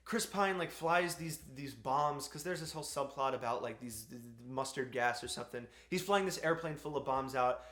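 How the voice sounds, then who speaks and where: A man's voice: medium pitch, normal speed, few pauses, fairly bright tone. Exasperated ranting man, echoey room. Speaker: movie reviewer. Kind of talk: ranting film review.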